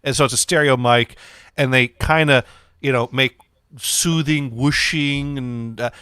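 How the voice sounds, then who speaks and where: A man's voice: mid-range voice, fairly even intonation, unhurried, pushed and bright, clear, resonant tone, no echo, studio quality. A man hosting a casual livestream chat, rambling and reading viewer comments aloud. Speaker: streamer host.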